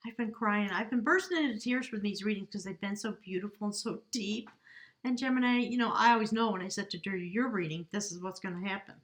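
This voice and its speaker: A woman's voice: mid-range voice, a little fast, a bit bright. A woman giving a casual tarot reading to camera, chatty and heartfelt, talking straight to the viewer. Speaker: tarot reader.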